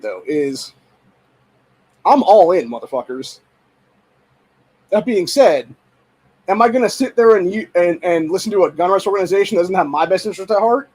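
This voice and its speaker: Brief: young male host, high and quick, heated profane rant that often turns to shouting. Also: slightly rough, low-quality recording. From Ohio. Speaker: podcast host. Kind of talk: angry political rant.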